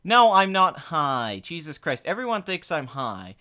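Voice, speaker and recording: A man hosting a casual livestream, rattling off rambling, mock-boastful remarks at speed. His voice is bright and sharp, and his pitch swings widely as he talks. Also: sing-song, a little slow. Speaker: podcast host.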